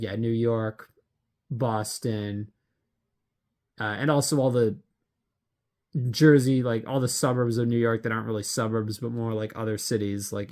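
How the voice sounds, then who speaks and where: Rambling young man, casual monologue. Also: mid-range voice. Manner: rambling, filler-heavy, lots of "like" and restarts. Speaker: video essayist.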